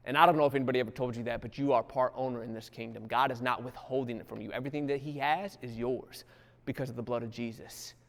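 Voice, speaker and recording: A man's voice: mid-range voice, fairly even intonation, quick pace, gravelly. Fervent preacher man, long reverb. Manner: fervent, swings from hushed to loud exhortation; casual dialect phrasing, acts out quotes. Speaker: Bible teacher. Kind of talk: preaching Bible study.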